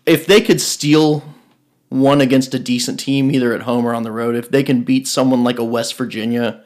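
A man's voice: mid-range voice, fairly even intonation, normal speed, darkish tone. A man co-hosting a casual sports podcast, blunt and analytical with some profanity. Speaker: podcast co-host.

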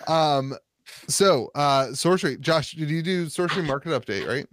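A man hosting a podcast segment in casual chat, easygoing and quick to laugh. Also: on the high side, lively intonation, background noise. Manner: laughing, easygoing, a bit defensive. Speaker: podcast host.

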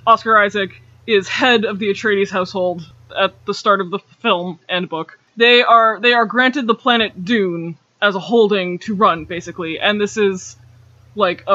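High, bright-voiced man chatting casually. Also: no room sound. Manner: chatty, filler-heavy, laughs as he talks. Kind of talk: casual explanatory chat. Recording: dull, dry lo-fi recording.

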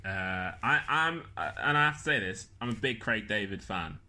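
A man's voice: lowish voice, animated, moderate pace, pushed and bright. A man chatting as a podcast guest, rambling and self-mocking, with lots of fillers. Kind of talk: casual chat.

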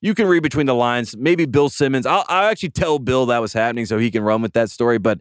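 Smooth-voiced enthusiastic sports podcast host. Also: male voice, mid-range voice, quick pace, no echo, clean studio sound. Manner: rambling, enthusiastic, repeats words often. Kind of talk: casual sports podcast chat. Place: studio.

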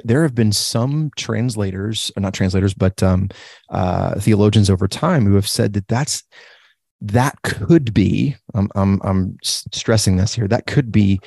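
Gravelly low-voiced man teaching scripture. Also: dry recording, studio quality. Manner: enthusiastic, animated, repeats affirmations. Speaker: Bible study co-host. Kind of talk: casual Bible study discussion.

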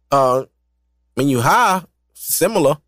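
A man's voice: a little high, animated, takes it slowly, a bit bright, dry recording. A man hosting a solo podcast in loose, profane, rambling casual chat, laughing often. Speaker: podcast host.

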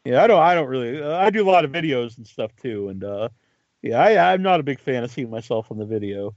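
A man from Massachusetts with a standard American accent, hosting an interview in a hesitant way with many pauses and restarts. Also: medium pitch, big pitch swings, a little mellow, dry recording, dull audio. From Cape Cod, Massachusetts. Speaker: podcast host. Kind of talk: casual interview chat.

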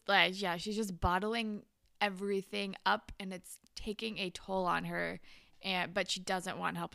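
A woman's voice: mid-range voice, gravelly, dry recording. A young woman co-hosting a podcast, recapping a TV episode in casual chat and acting out characters' lines with lots of laughs. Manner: animated, laughs often, acts out characters' lines. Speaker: podcast co-host.

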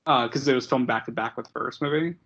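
A young man co-hosts a podcast in a dull lo-fi recording, his mid-range voice quick, a bit bright and slightly rough. He rambles and mocks through a casual chat, laughing often and using lots of fillers.

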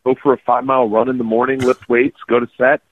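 Animated rambling male storyteller, phone line. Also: mid-range voice, fast. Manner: rambling, animated storyteller who acts out quotes. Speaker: comedian guest. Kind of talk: casual storytelling chat.

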